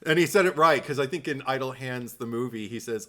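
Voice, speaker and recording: A man co-hosting a podcast speaks in a bright, forceful voice at a middle pitch. He chats casually in an animated, playful way and laughs often. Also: a little fast. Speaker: podcast co-host.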